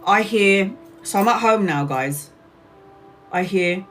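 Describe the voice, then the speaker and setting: Animated woman telling a story. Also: mid-range voice, over music. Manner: animated, swears freely, repeats herself, quick and expressive. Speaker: tarot reader and live streamer. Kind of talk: casual storytelling to viewers on a livestream.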